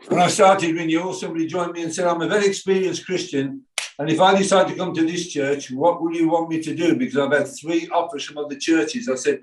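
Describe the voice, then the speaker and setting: Older male pastor with a Birmingham accent, lively storytelling sermon, voice a touch high, heard from a distance in a roomy hall. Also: a little fast. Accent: Birmingham English. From England. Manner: animated storytelling with quoted voices and asides. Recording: echoey room from far off.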